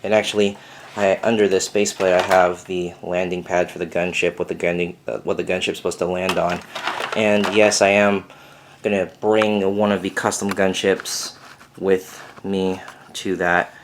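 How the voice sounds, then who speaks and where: A man's voice: low-pitched, flat delivery, moderate pace, a little hiss or hum. A young man giving a casual, rambling video update from his bedroom, with many fillers. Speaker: Lego builder vlogger. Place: bedroom at home.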